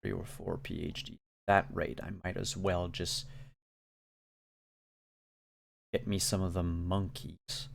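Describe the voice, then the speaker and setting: A man voicing a proud, put-upon male scientist, low-pitched and sarcastic, grumbling about being short of help. He sounds irritated and a little worried, with a dry, biting edge in a tabletop game. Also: little pitch movement, moderate pace, creaky, full character voice.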